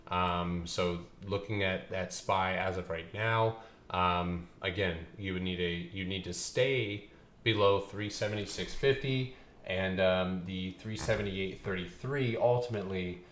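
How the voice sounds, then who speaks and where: Walking viewers through charts on his trading livestream, a man jokes, swears, and keeps the market talk casual. His voice is low, a bit bright, and measured, recorded in an echoey space with some faint ambient noise.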